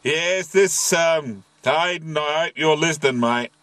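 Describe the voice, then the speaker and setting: A man's voice: fairly high pitch, a little slow, a bit bright, slight background noise. An Australian man chatting on amateur radio from a bush campsite, joking and using call signs. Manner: jokey, uses radio call signs and slang. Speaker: amateur radio operator, travel vlogger. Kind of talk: casual ham radio chat.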